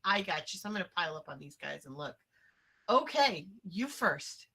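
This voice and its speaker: A woman's voice: on the low side, big pitch swings, normal speed, gravelly, pushed and bright, breathy edge. A woman playing a tabletop game, chatty and a little flustered. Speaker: player. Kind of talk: casual game talk.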